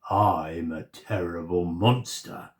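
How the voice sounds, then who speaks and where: A huge hairy monster from a children's storybook, growling in a low, deep voice and drawing out every boast. A man acts him out, keeping the pace slow and heavy. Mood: menacing.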